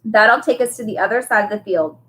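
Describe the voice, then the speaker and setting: A woman reading aloud, voicing a calm, steady middle-school boy. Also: mid-range voice, fairly quick, natural voice. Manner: calm, level.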